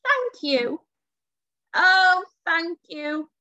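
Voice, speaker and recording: A woman voicing an excitable, grateful witch in a children's storybook reading, with high, squealing exclamations. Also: very slow, muffled recording, exaggerated voice.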